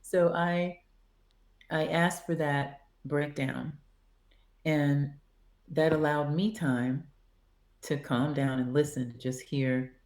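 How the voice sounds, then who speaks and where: A woman's voice: low voice, slow, long pauses. A woman guest on a podcast, casually telling a story and acting out the dialogue. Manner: animated, acts out quoted dialogue. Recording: roomy echo.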